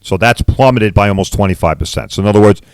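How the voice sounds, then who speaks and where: A middle-aged Long Island body shop owner rants bluntly on his casual podcast, repeating "all right" and "right?" as he goes. His voice is lowish, smooth, and quick, and there's no room sound.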